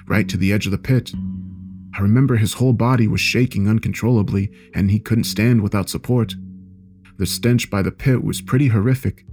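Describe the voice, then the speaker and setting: A man with a low voice reads a horror story in a measured, dark storytelling manner. Faint music plays underneath. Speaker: narrator. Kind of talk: scripted horror story narration.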